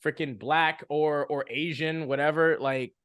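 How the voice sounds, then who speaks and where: Rambling young man, fairly high voice. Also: steady tone, unhurried, fairly bright tone, smooth, no echo, clean studio sound. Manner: rambling, many fillers and restarts. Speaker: podcast co-host. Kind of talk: casual advice chat.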